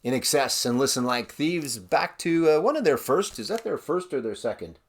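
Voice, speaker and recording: A man's voice: mid-range voice, expressive, normal speed. A Canadian man hosting his own record-collecting vlog, chatting casually with rambling asides about the albums he shows. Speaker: record collector channel host.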